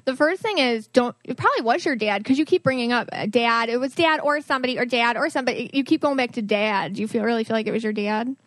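Podcast host woman, fairly high voice. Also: a bit bright, dry recording. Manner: quick reactions and laughs. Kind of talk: casual interview chat.

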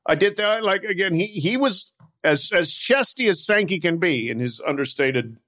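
A man's voice: high-pitched, animated, normal speed, pushed and bright. A man co-hosting a casual sports talk show, giving wry, sardonic commentary. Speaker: podcast co-host.

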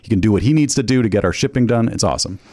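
A man co-hosting a podcast, asking earnest deadpan questions in casual chat. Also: on the low side, racing, dry recording, studio quality. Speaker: podcast co-host.

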